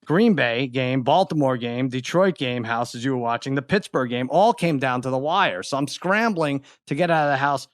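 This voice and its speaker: A middle-aged man co-hosting a podcast, telling an animated, exasperated story in casual chat. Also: mid-range voice, normal speed, few pauses, no echo, clean studio sound. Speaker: podcast co-host.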